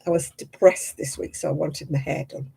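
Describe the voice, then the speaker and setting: Husky, chatty woman. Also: sits low, steady tone, moderate pace, mellow. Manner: chatty, self-mocking, laughs often. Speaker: craft livestream host. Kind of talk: casual live-stream chat answering viewers.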